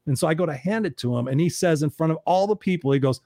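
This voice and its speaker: A middle-aged man hosting a show, telling stories in casual chat, animated and swearing freely as he acts out quotes. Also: fairly high pitch, fast, vocal fry, no room sound, studio quality. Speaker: podcast host.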